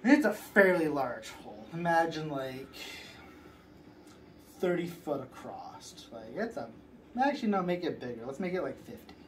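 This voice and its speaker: A man's voice: fairly high pitch, big pitch swings, normal speed, slight background noise, poor audio. A man talking casually as he leads a listener through an imagined scene, loose and rambling with lots of filler words. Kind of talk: guided visualization in casual chat.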